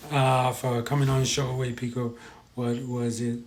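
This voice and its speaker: A man's voice: medium pitch, flat delivery, moderate pace, slight background noise. An American man hosting a live stream, chatting casually, reading viewer comments and stumbling over pronunciations.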